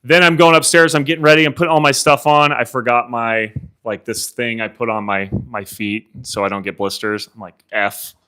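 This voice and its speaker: Bright-voiced man telling a lively story. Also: mid-range voice, a little fast, clear, resonant tone. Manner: animated storytelling, acts out his own inner thoughts, swears casually. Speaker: CEO coaching real estate agents. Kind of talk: live coaching story to a room. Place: meeting room with a live audience.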